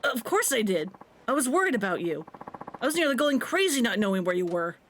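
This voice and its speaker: A woman voicing a gentle, worried middle-aged father in a video game, speaking earnestly in a lowered voice. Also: big pitch swings, brisk, slight background noise. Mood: tender.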